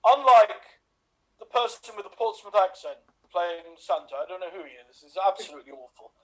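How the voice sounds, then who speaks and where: A man doing a very high, pompous posh toff. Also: animated, fairly quick, a bit bright, poor audio. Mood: haughty. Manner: plummy, haughty, theatrical. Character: pompous posh male actor, self-important. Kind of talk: improv comedy scene.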